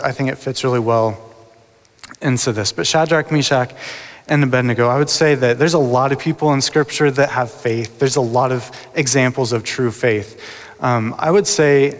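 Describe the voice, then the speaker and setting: Earnest man preaching in a hall. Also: mid-range voice. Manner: earnest, hesitant, many ums and restarts. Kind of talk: sermon. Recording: long reverb of a hall.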